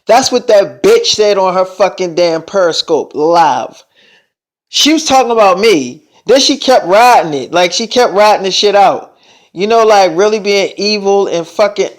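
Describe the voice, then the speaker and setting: A young man telling a long story in a casual storytime vlog, emphatic and full of profanity. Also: high-pitched. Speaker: vlogger.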